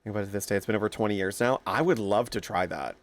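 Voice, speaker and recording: A young man streaming, chatting casually with his viewers, telling animated stories and greeting them by name. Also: lowish voice, rapid-fire.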